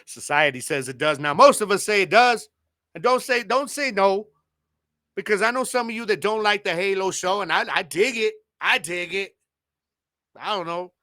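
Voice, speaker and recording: A man's voice: high-pitched, moderate pace, pauses often, bright, forceful tone, dry recording, clean studio sound. A man in his thirties hosting a podcast, talking in laid-back, slangy banter and laughing often. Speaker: podcast host. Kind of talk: casual chat.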